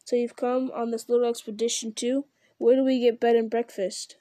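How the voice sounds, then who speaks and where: A woman's voice: on the high side, little pitch movement, normal speed, mellow, dry recording, close to an everyday voice. A woman reading the part of a cheeky young male hobbit captive who jokes wryly. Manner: wry, joking.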